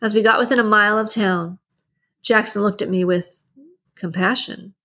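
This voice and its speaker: A woman reading a novel aloud in the first person, steady and measured, and hosting her own reading channel. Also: medium pitch. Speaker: book reader and channel host. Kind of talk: audiobook narration.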